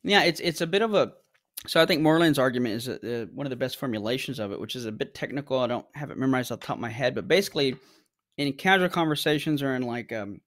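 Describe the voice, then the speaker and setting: A man's voice: mid-range voice, fast talker, fairly bright tone. A man as a podcast guest explaining ideas in casual conversation, using everyday examples. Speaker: guest apologist.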